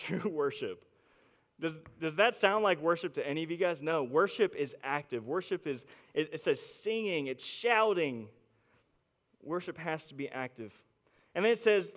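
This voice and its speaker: In a high voice, a young adult pastor preaches emphatically to a congregation. He often repeats words, swelling from soft, intimate stretches into loud, forceful ones.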